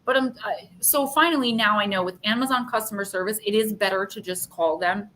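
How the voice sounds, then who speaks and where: A woman hosting a live chat vents about a frustrating customer service mess. She tells it in a fed-up, animated way and plays out both sides of the calls. A faint low rumble sits under her voice. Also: a little fast. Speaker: livestream host. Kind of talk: casual live chat, telling a story.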